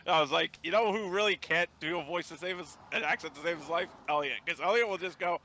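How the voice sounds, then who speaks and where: A fairly high-voiced man co-hosting a stream, ranting in a joking, profane way. His talk is loose and loud with swearing. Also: brisk. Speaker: podcast co-host. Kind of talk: casual stream chat.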